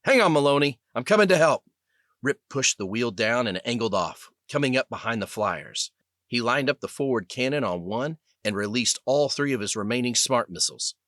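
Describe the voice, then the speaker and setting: A man narrating an audiobook with an expressive, scripted delivery. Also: mid-range voice, normal speed, no room sound, clean studio sound. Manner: expressive, lively reading.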